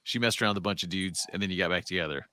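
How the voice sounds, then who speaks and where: A man in casual podcast chat, hesitant and thinking out loud as he weighs a question. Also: sits low, very fast, no room sound.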